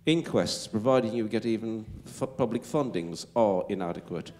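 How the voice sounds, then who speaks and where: A man's voice: fairly low pitch, moderate pace, a little mellow. A middle-aged man with a Wolverhampton accent answering as a panelist, emphatic and stumbling into repeated words as he builds his point.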